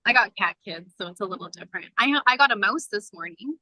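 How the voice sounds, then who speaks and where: A woman in casual chat, quick to chime in and joke along. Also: mid-range voice, expressive, sharp tone, no room sound, low-quality recording.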